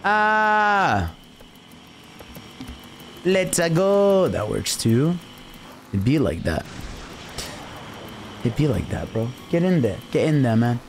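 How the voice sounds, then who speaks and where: A man's voice: mid-range voice, sing-song, takes it slowly, pauses often, a little mellow, a little hiss or hum. A young man streaming a game from his room, chatting casually, humming tunes and cheering himself on. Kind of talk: casual gameplay commentary.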